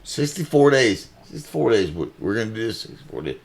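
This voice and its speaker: A man's voice: on the low side, sing-song, creaky. A man doing a mocking impression of a woman politician, drawing out repeated phrases. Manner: mocking impression, drawn-out repetition. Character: woman politician putting on a folksy drawl.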